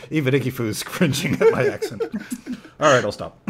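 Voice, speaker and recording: A man hosting a casual group podcast, joking and reading news out loud. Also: on the high side, normal speed. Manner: animated, joking, reads news aloud. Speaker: podcast host.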